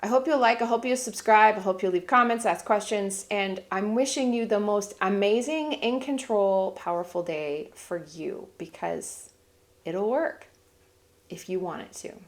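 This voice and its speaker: A woman's voice: mid-range voice, a little slow. A middle-aged woman giving heartfelt, emphatic life advice as a family vlogger talking to camera. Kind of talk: earnest motivational talk to camera.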